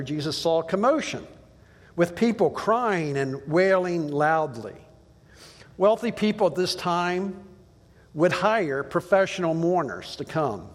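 A man's voice: fairly high pitch, long reverb tail. A male pastor giving a conversational sermon, telling stories in a plain way with asides to the listeners.

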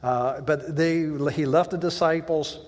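Male pastor, relaxed conversational sermon, plainspoken storyteller, long hall reverb. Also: on the high side, unhurried.

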